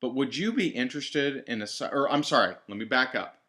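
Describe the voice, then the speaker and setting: A man leads a team training session with a bright, forward tone. He coaches directly and drives his points home by repeating them. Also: medium pitch, expressive, brisk. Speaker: network marketing trainer.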